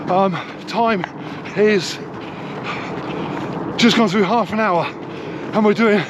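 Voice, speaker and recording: A man's voice: high voice, slow, dull audio, noisy background. A man talking to camera while running outdoors, out of breath and giving running updates. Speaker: running vlogger. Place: outdoors on a run.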